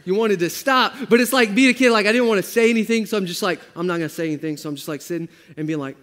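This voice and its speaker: High-voiced pastor, casual and playful. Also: male voice, fast, a bit bright, long reverb tail. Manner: casual storytelling, playful and laughing, slangy. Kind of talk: sermon.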